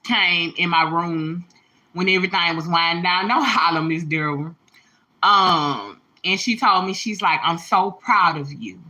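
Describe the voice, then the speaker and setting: A woman, hosting a livestream and telling stories in an animated way, laughing, swearing and calling her viewers y'all and baby. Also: lowish voice, a little slow, rough recording. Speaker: livestream host. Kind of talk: casual storytelling to viewers. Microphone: phone or webcam livestream.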